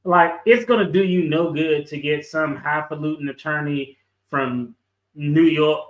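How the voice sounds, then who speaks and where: A man with a fairly high voice tells stories in a relaxed, laughing way. He sounds like a lawyer chatting on a video call. His room carries a noticeable echo. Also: a little slow, lo-fi sound. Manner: laid-back, chuckling storyteller. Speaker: guest lawyer. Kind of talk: casual video call chat.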